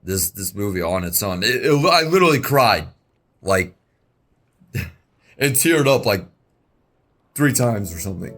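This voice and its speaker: Excitable young man reacting, swinging pitch. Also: unhurried, long pauses. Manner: excitable, rambling, slangy, with frequent exclamations. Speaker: reaction video host. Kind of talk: casual reaction commentary. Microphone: wireless earbud mic.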